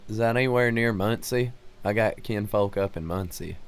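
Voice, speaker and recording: A man with a Southern US accent, chatting casually as a podcast guest, laid-back and quick to laugh. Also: on the low side, clean tone. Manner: laid-back, says "dude" often, laughs easily. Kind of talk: casual chat.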